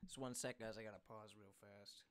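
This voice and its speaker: A man hosting a reaction video, chatting casually, excitable and quick to giggle. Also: on the low side, clean tone.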